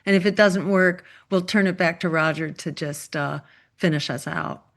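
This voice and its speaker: A woman's voice: lowish voice, moderate pace, a bit bright. A woman moderating a webinar over a video call, practical and steering things along. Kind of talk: casual meeting talk.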